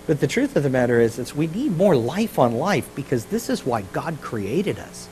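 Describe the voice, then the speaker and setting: A man's voice: medium pitch, a little mellow, slight background noise, low-quality recording. A middle-aged man preaching a sermon as pastor, in a conversational, jokey way.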